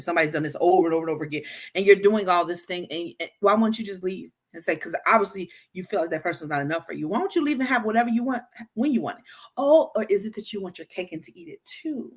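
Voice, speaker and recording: A woman hosting a casual talk on healthy communication, speaking straight to her listeners, animated and stumbling into frequent restarts and repeated words. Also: fairly low pitch, husky. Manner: addresses listeners directly. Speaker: podcast host.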